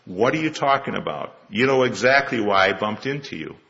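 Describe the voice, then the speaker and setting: A man acting out a hot-tempered young man in a spoken parable, raising his voice high and sharp. His tone is gravelly and bright, on a slightly dull recording. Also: expressive, fairly quick, exaggerated voice. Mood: angry. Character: impatient young man, quick to anger.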